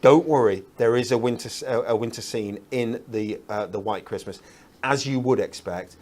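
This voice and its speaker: A man's voice: mid-range voice, normal speed, a little mellow. A man presenting craft products on a shopping channel, chatty and upbeat with lots of fillers. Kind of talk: enthusiastic product demonstration.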